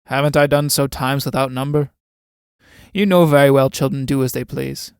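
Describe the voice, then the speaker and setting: A man's voice: medium pitch, fairly even intonation, moderate pace, gravelly, darkish tone, clear, resonant tone, no echo, studio quality, lightly acted. A man voicing a bitter, sarcastic middle-aged wife in a dramatic reading of a stage play. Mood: exasperated. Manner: sarcastic, needling.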